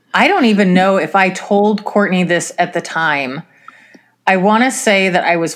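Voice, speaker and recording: A woman co-hosting a podcast, earnestly telling a personal story in a casual conversation. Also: medium pitch. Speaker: podcast co-host.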